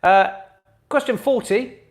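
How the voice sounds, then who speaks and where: A man hosting a live online pub quiz for charity, chatty and animated, breaking into sung quote answers now and then. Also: very high-pitched, takes it slowly.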